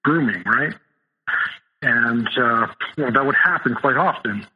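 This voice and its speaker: A man as a podcast guest, telling a personal story in a halting way, with many restarts and fillers. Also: medium pitch, highs cut off.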